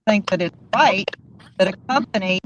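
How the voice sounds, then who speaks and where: A woman co-hosts a livestream in a mid-range voice at a moderate pace, chatting casually with the group and laughing often. The stream audio is dull and lo-fi with a faint hiss.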